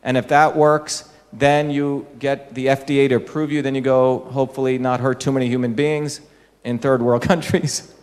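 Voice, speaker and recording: Male speaker giving an explanatory public talk, average pitch, recorded with hall reverb. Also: flat delivery, normal speed, darkish tone. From India. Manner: explanatory, with rhetorical questions to the audience. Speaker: speaker addressing an audience. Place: large hall with an audience. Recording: echoey hall.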